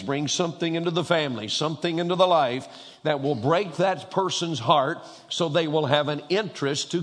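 A man preaches to a congregation, his voice sitting a little on the high side. He tells stories with quoted back-and-forth and drives home key lines by repeating them. A long reverb trails after each phrase, as in a large church hall. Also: a bit bright. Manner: storytelling with quoted dialogue, emphatic repetition. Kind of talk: sermon. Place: church sanctuary.

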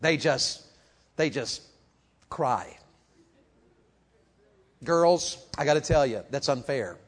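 A man preaching a youth sermon, animated and calling out questions to the crowd, moving from quiet talk to shouting. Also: mid-range voice, takes it slowly.

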